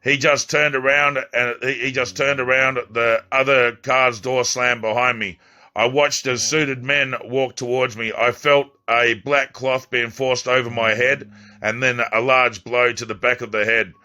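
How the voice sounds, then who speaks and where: Bright-voiced man narrating his own audiobook. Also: medium pitch, steady tone. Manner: halting reading with restarts and slips. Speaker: author reading his own novel.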